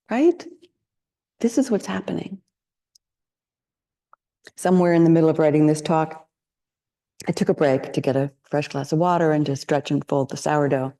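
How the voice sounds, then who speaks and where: A woman's voice: fairly low pitch, warm tone. A woman meditation teacher giving a dharma talk, reflective and candid, often asking questions.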